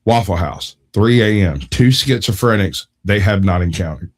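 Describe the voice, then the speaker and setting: Low-voiced guy on a podcast, telling a crazy story, cussing a lot and cracking up. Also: normal speed. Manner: animated storyteller, swears freely, laughs a lot. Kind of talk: casual storytelling chat.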